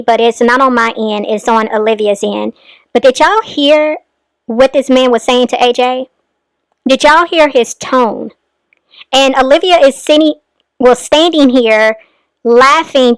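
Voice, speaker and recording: High-voiced indignant woman commentator. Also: smooth, no echo. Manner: indignant, emphatic. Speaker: commentary host. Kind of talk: reaction commentary.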